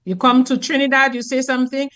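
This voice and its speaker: A fairly high-voiced woman from Dominica. She speaks as a linguist guest on a radio call-in program. She explains patiently and illustrates her points with spoken examples. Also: flat delivery, fast talker, fairly bright tone. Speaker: linguist guest and former teacher.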